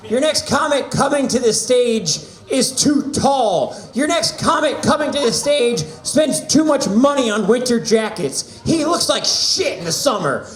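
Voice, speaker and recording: A man hosting a comedy open mic with a high, lively voice that jumps around as he teases and announces comics. His delivery is dry and teasing, with loud introductions. The sound is echoey, like a small room. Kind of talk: stand-up hosting banter.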